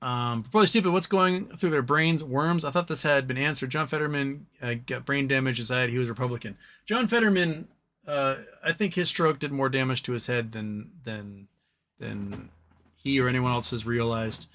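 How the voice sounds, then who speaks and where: Bright-voiced man ranting on a livestream. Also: medium pitch, normal speed. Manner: rambling, profane, opinionated. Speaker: livestream host. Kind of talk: live-stream chat reading and ranting.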